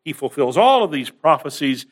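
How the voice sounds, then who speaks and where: A man with a slightly higher-than-usual voice preaches a sermon. He teaches in an earnest, steady way. He lifts and slows key phrases for emphasis. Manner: earnest, builds emphasis with rising stress and drawn-out words.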